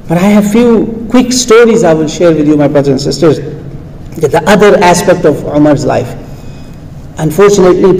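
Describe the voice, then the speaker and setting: Male preacher, storytelling sermon, slightly high voice, long hall reverb with faint noise. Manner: animated, acts out quoted voices.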